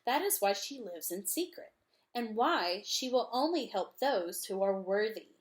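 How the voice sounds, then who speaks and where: A woman's voice: medium pitch, animated, unhurried, lightly acted. A woman reading a storybook aloud and voicing a friendly girl character who speaks urgently and earnestly.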